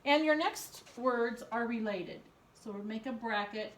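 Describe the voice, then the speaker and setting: A woman teacher dictates spelling words to young children, sounding out every syllable with slow, careful deliberation. Her voice sits a little high and carries an echo from the room around her. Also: slight background noise. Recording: echoey room.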